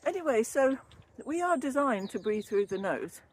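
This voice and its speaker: Walking along a canal, a high-pitched, very animated older woman talks at normal speed, a little out of breath. She vlogs about wellbeing, used to train as a yoga teacher, and chats casually, rambling and laughing freely. The built-in phone or camera mic picks up a little hiss or hum.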